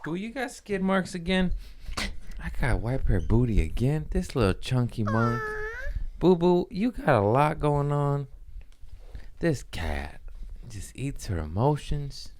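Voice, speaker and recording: A man's voice: fairly high pitch, sing-song, takes it slowly, darkish tone, slight background noise. A man hosting a podcast in casual chat, goofy and laughing often, using street slang. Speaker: podcast host.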